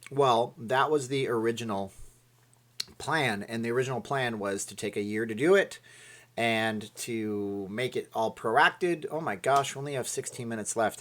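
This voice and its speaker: A man's voice: mid-range voice, moderate pace, a bit bright. A middle-aged man from Saskatchewan, hosting a casual live stream, chatty and rambling as he reacts to viewer comments. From Saskatchewan, Canada. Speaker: channel host.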